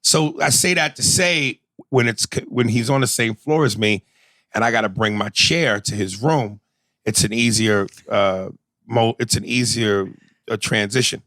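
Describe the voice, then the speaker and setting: A man's voice: fairly low pitch, a little slow, dry recording. A man co-hosting a podcast, telling loose, profane stories in casual chat. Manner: profane, animated storytelling with impressions. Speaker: podcast co-host.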